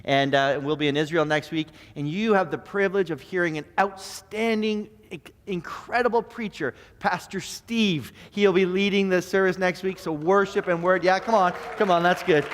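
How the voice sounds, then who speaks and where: Brief: male pastor with a very high voice, animated storyteller, church hall reverb. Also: moderate pace. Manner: animated storyteller who stammers and repeats words. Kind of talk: sermon. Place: church sanctuary.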